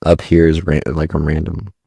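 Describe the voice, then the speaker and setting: A man's voice: rumbling low, moderate pace, creaky, husky, dry recording, studio quality. A man casually commentating a survival game as he plays, rambling and thinking aloud, reading item descriptions aloud. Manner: reads item text aloud in a flat reading voice. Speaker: gameplay commentator. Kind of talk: casual let's-play commentary.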